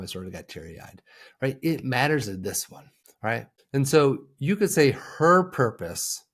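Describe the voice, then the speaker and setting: A man hosting a solo coaching podcast, talking earnestly and conversationally with frequent fillers and restarts. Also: lowish voice.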